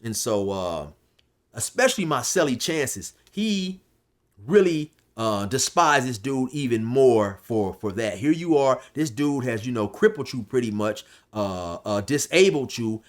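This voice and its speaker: A man's voice: mid-range voice, expressive, a little slow. A man casually telling a long prison story, rambling with restarts and fillers. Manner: loose, rambling, restarts, shouts when quoting others. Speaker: storyteller recounting prison life.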